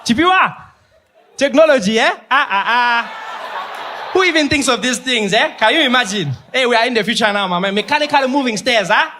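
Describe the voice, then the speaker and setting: A comedian voicing an excited grown man with a South African accent who loudly marvels at escalators. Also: extremely high pitch, normal speed, a little hiss or hum, voice pushed up, full character voice. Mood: amazed. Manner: loud, marveling, exclaiming.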